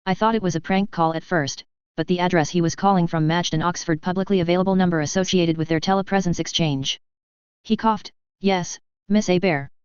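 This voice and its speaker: A woman with a lowish, very clean voice reads a first-person story at a steady, even pace. The recording is dull and lo-fi, and it sounds dry and close. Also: smooth, no echo. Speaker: audiobook narrator. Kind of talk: first-person fiction narration.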